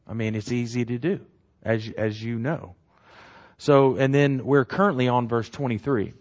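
A man's voice: mid-range voice, fairly even intonation, moderate pace, a little mellow. A man teaching the Bible verse by verse in a conversational way. He repeats key phrases and keeps asking "right?". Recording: dull lo-fi recording.

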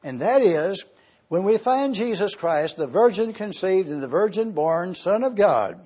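A man delivers a Bible teaching sermon in a high-pitched voice with a husky edge. He explains each point deliberately, slowing down to stretch out key words. The recording sounds muffled and lo-fi. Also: darkish tone. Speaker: preacher.

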